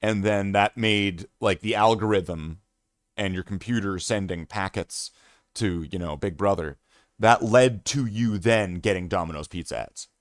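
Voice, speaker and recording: Casual streamer guy, low voice, dry close sound, rambles and self-mocks. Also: unhurried, dry recording. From Canada. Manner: rambling, self-mocking, many fillers and restarts. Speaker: hobby streamer. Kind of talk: casual live-stream chat.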